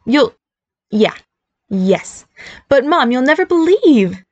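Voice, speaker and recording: Animated and fairly quick, a woman's high, pushed-up voice plays an eager, anxious fairy godmother mother in an audiobook, a cheerful middle-aged mom who chatters and reassures. The recording has no room sound and its highs are cut off.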